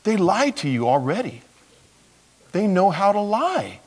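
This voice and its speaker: A man's voice: sits high, big pitch swings, a little slow, in a large hall. An older man, a pastor and grandfather, preaching a sermon in a conversational, folksy way with asides.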